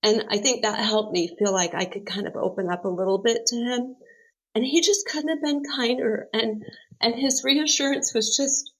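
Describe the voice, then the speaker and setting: A woman's voice: on the high side, normal speed, breathy edge, low-quality recording. A middle-aged woman, a podcast guest, telling a heartfelt personal story in an earnest, open way that livens up as she retells it.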